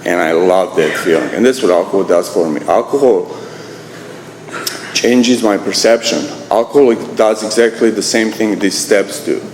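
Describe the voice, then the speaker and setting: A middle-aged man with a Croatian accent speaks to a meeting hall, blunt and profane, mocking himself as he goes. His voice sits fairly low. The sound is roomy with a long echo and a faint hum of room noise behind him. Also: moderate pace, a little mellow. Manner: blunt, profane, self-mocking, sentences restarted in slightly broken English. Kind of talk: recovery talk sharing his story.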